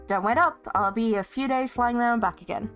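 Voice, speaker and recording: Playful woman streamer with a high voice. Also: fairly quick, fairly bright tone, soft background music. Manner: playful and jokey, laughs often. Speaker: streamer playing a story game. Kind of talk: narrating and playing a game live.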